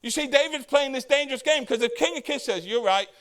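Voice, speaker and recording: With a notably high voice and a fairly bright tone, a pastor preaches a relaxed, conversational sermon. He tosses rhetorical questions at his listeners and adopts quick voices for the Bible characters he quotes.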